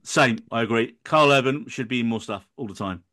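Man, podcast host, casual chat, jokey, middle pitch. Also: fairly quick, bright, forceful tone. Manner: jokey, swears for comic effect.

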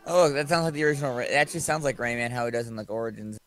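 A young man co-commentating a let's play, asking questions and reacting with quick exclamations. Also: medium pitch, a bit bright, dry recording. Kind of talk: casual gameplay commentary. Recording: faint game music behind.

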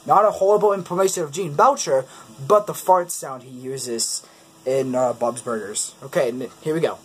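A man's voice: medium pitch, moderate pace, a little hiss or hum, poor audio. A man hosting his own casual impressions video, introducing each bit and poking fun at his own attempts. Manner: self-deprecating, chuckling between takes. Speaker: YouTube host.

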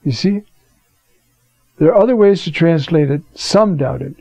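A priest giving a conversational teaching sermon, with rhetorical questions and frequent fillers. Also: male voice, fairly high pitch, lively intonation, a little slow, vocal fry, long pauses, dark tone, dry recording. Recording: dull lo-fi recording.

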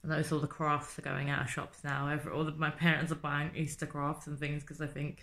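A woman's voice: sits low, completely flat delivery, quick pace, fairly bright tone. A woman, chatting casually and swearing often in a home video diary, asking rhetorical questions. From England. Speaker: vlogger. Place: home in the city.

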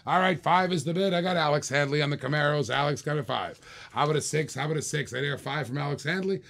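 A man hosting a live-streamed toy car auction, calling bids in quick repeated bursts with chatty asides to viewers. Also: on the high side, vocal fry, a bit bright. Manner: rapid repetitive bid calling, chatty asides. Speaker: auctioneer host.

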